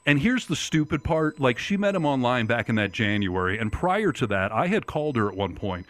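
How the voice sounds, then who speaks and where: A man's voice: medium pitch, sing-song, a little fast, fairly bright tone. A middle-aged man, a radio talk show host, telling a personal story in casual chat and acting out the voices of people he quotes.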